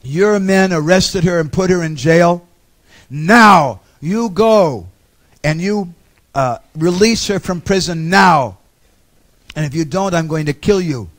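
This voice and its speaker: A man voicing a wrathful male deity who yells and commands. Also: fairly high pitch, fast talker, hardly any pauses, natural voice. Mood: furious. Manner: yelling, commanding.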